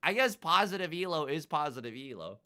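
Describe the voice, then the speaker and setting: A man's voice: on the high side, sing-song, a little fast, pushed and bright, no echo, clean studio sound. A young man streaming, chatting casually and rambling with self-mocking jokes while he plays. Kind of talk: casual livestream chat while playing. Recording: faint music behind.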